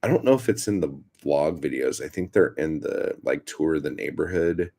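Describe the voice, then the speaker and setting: A man's voice: a bass voice, animated, normal speed, vocal fry, dark tone. A man hosting a livestream, telling stories in a profane, rambling, filler-heavy way. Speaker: livestream host. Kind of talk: casual storytelling livestream.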